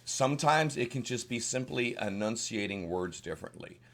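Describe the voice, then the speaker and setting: A man's voice: mid-range voice, animated, normal speed, fairly bright tone. An older man with a Southern US accent, giving a casual, rambling tutorial on running tabletop games. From Southern United States. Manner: rambling, folksy, frequent restarts and fillers. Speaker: dungeon master tutorial host. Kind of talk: casual instructional talk.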